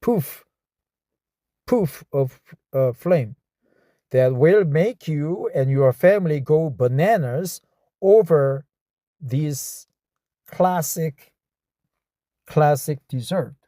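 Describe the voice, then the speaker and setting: A man with a Korean accent works through an English script at a slow, deliberate pace, repeating phrases to get them right. His voice sits slightly high yet sounds mellow, and the recording is dry and close with no room around it. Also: lively intonation, no echo. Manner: stumbles and self-corrects mid-word. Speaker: English learner practicing reading aloud. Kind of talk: reading practice with self-commentary.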